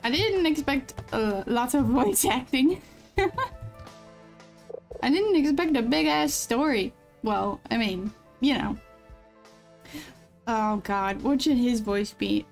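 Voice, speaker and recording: A woman's voice: fairly high pitch, animated, slow, gravelly, pauses often, soft background music. A woman streaming a video game, talking casually with a giggly, playful, self-mocking manner. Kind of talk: casual gameplay commentary.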